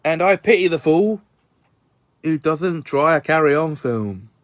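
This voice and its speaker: A man's voice: a little high, lively intonation, measured pace, no echo, clean studio sound. A young British man reviewing a comedy film in a jokey, put-on Australian accent, sprinkling his talk with slang. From Britain. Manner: jokey, peppers speech with "bloody" and "mates". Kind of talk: casual review vlog.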